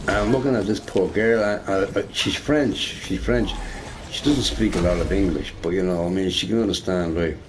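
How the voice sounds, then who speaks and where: Middle-aged man, lowish voice, loose profane gaming-stream rant with a "right?" on every other line. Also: normal speed, noisy background. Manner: rambling, profane, tags lines with "right?". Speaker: shop boss and gamer. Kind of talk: casual rant while gaming.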